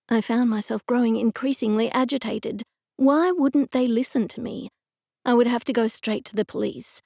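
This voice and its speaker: A woman narrating a cozy mystery audiobook in a measured first-person storytelling manner. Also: a little high, creaky, dark tone, no room sound, studio quality.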